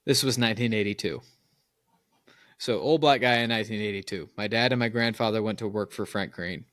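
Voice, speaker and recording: A man's voice: lowish voice, brisk, fairly bright tone, dry recording. Opinionated man telling stories, dry mic. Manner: opinionated storyteller, laughs at his own stories. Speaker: podcast co-host. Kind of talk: casual podcast chat.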